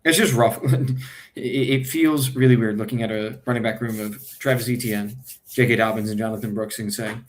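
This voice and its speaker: Man, lowish voice, casual streamer, thinking aloud, hesitant, self-correcting. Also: steady tone, normal speed. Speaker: fantasy football streamer.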